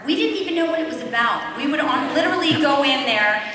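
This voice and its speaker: A woman voice actor on a convention panel, telling an excited story with laughter. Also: high-pitched, quick pace. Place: large convention hall. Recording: echoey hall mic from far off with crowd.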